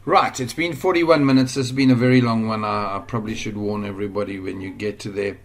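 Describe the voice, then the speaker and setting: A man with a South African accent and a lowish voice talks fast through a casual screen-share tutorial on online business. He rambles and thinks aloud, breaking into excitable bursts.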